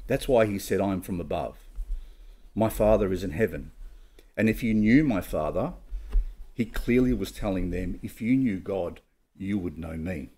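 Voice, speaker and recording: Animated man preaching a sermon. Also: deep voice, moderate pace. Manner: conversational preaching, asks and answers his own questions; reads scripture aloud in King James wording. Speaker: pastor.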